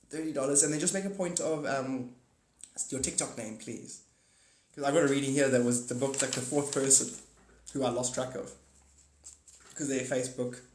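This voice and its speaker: On a live stream, a man who also does paid readings chats aimlessly, joking, cursing occasionally, and catching his own mistakes. He has a medium-pitched, slightly mellow voice, recorded with a roomy echo.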